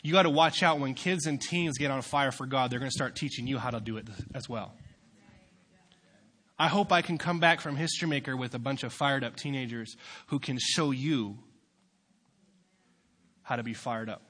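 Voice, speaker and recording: Young male youth pastor, bright forceful tone, sermon delivery with fervent peaks and quiet asides. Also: mid-range voice, normal speed, pauses often. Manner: swings from quiet asides to loud, fervent preaching.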